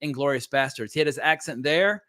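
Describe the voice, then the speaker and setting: A man's voice: fairly high pitch, brisk, pushed and bright, no room sound, studio quality. A man hosting a casual film discussion, opinionated, asking questions and breaking off to restart sentences. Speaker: film podcast host.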